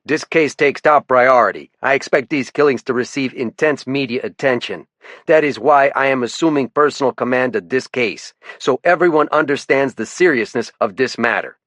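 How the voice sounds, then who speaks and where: A man's voice: mid-range voice, normal speed, a bit bright, dry recording, clean studio sound, voice pushed up, close to an everyday voice. A man voicing a theatrical, pompous game warden lieutenant with a sing-song francophone accent. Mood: commanding. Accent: francophone Maine French. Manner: sing-song lilt, speechifying.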